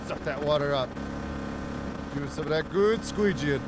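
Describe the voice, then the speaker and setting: With heavy noise in the background, a man whose voice sits on the high side streams a video game at a moderate pace. His casual chat with viewers is profane and rambling, aimed both at the chat and the game.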